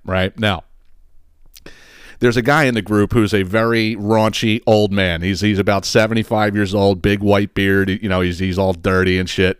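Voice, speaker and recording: A man with a low voice talks casually on his podcast and tells a profane, meandering story. He laughs a lot and acts out the scenes as he goes. The sound is dry, with no room echo. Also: smooth. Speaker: podcast host.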